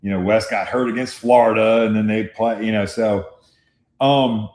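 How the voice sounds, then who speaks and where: Guest football dad on a phone call, roomy sound, lively storyteller with a fairly low voice. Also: male voice, moderate pace. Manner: animated storyteller, acts out voices in quotes, laughs often. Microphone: phone on a video call.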